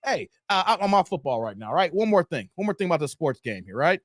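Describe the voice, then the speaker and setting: A man hosting a casual live stream, talking in loose slang, greeting viewers by name and getting animated as he riffs. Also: fast talker, dry recording, studio quality. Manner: animated, jumps high in pitch when worked up.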